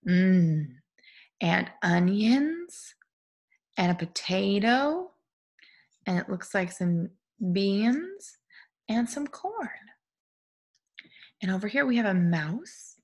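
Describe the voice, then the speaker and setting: A young woman with a slightly husky voice teaches small children at a slow, careful pace. She swoops through a lively pitch range, gasping with delight and making drawn-out animal noises. Her gentle telling suits an online preschool group time.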